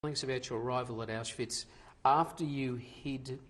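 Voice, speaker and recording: A man interviewing a survivor, asking calm, measured questions from away from the microphone. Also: medium pitch.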